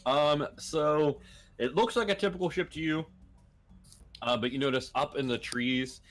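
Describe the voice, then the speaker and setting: A man's voice: a little high, normal speed. A man narrating as game master, hesitant and full of ums and uhs. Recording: faint music behind.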